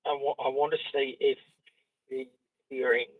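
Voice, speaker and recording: Gravelly, husky man. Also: mid-range voice, moderate pace, narrow, tinny audio. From Australia. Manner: calm, asks technical questions. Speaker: stream co-host on voice chat. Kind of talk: casual live-stream chat.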